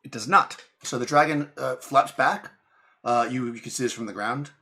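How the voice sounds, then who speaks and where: A man's voice: medium pitch, bright, forceful tone, a little hiss or hum. Laid-back young male game master. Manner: casual, rambling, quick to laugh. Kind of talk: narrating a tabletop game.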